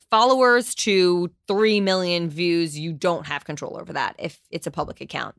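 A woman's voice: on the low side, fairly bright tone, no echo, studio quality. A young adult woman hosting a solo podcast, talking candidly and emphatically, swearing now and then. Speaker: podcast host.

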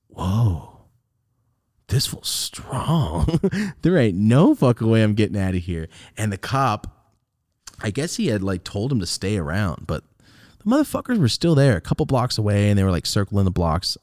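A man's voice: a little fast, no echo, studio quality. A young man telling a story on a podcast, casual and profane, acting out the voices of people he quotes. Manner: animated, profane, acts out quotes with big pitch jumps. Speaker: podcast host.

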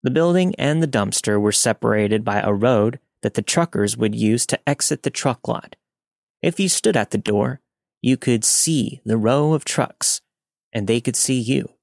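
A man's voice: medium pitch, unhurried, vocal fry, dry recording. Man narrating a story, dry close sound. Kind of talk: scripted first-person story narration.

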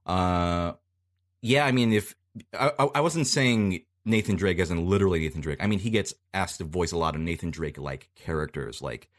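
A male voice actor, a podcast guest, talking casually and explaining at length with many pauses. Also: deep voice.

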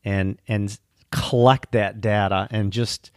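A man's voice: lowish voice, fairly even intonation, slow pace, clean tone, no echo, clean studio sound. Chatty male podcast host. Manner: enthusiastic, chatty, with restarts. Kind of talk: casual podcast chat.

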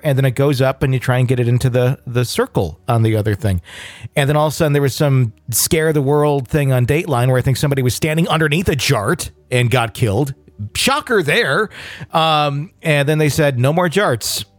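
A man's voice: on the high side, dry recording. A man co-hosting a podcast in casual chat, laughing easily and telling stories. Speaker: podcast co-host.

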